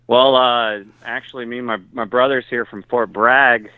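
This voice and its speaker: Excited male caller on a tinny, dry phone line. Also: mid-range voice, moderate pace, clear, resonant tone, no room sound. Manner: excited, laughing. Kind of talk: casual chat.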